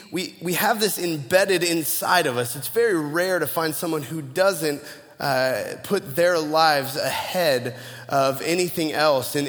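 A man's voice: a little high, big-room sound. A man preaching a sermon as pastor, telling a funny story and acting out the voices of the people in it. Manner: storytelling with humor and animated quoted voices.

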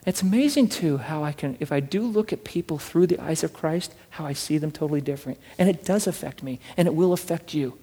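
A man preaching a sermon from scripture, fervent, swinging between loud urging and hushed asides and repeating words as he builds a point. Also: on the high side, fairly quick, hardly any pauses, slightly rough, in a large hall. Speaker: pastor.

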